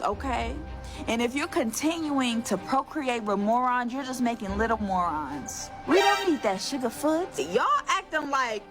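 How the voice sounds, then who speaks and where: Woman, higher voice, slow and emphatic, scolding rant, music behind. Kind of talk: ranting monologue.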